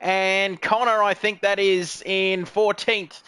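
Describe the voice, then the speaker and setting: Jokey high-voiced race commentator. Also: male voice, flat delivery, takes it slowly, bright, forceful tone, smooth. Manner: jokey, rambling, self-mocking. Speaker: lead commentator. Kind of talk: sim racing commentary.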